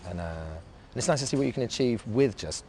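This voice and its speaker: An English man, an actor being interviewed, talking in a halting, reflective way with many restarts. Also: mid-range voice, lively intonation, darkish tone, slight background noise. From England. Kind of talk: casual interview talk.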